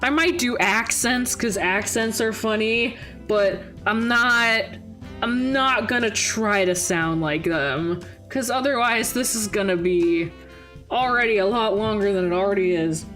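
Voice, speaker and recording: A woman's voice: mid-range voice, measured pace, a bit bright, faint music behind. A woman streamer chatting casually and reading game narration aloud, laughing easily.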